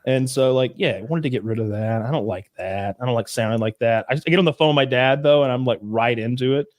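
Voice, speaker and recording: A man from the southern United States tells stories in a loose, rambling way. He swears freely, stops and restarts his sentences, and keeps going in a mid-pitched, everyday voice. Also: quick pace. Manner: rambling storyteller, profane, full of restarts. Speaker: podcast co-host. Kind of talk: casual chat.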